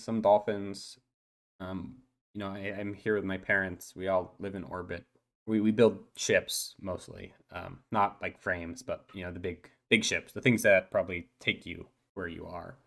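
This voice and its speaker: A man plays a shy eight-year-old dolphin schoolboy who rambles nervously, stammering and restarting his sentences. The voice stays fairly low. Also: steady tone, a little slow, creaky. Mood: hesitant, nervous. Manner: hesitant, stammering, full of ums and restarts. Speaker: player. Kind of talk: tabletop role-play, in character.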